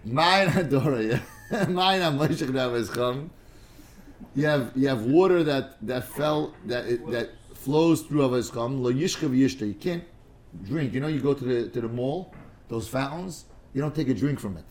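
A man's voice: mid-range voice, animated, moderate pace, slight background noise. A man teaching a casual study class, rambling and digressive, stumbling over repeated words and mixing in Hebrew and Aramaic terms.

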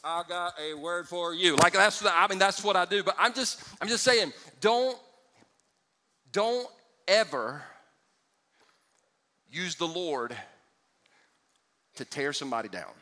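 A man's voice: high voice, slow, long pauses, big-room sound. A man preaching a sermon, telling stories with acted-out voices and joking asides. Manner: animated storytelling, acts out voices, joking asides. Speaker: pastor.

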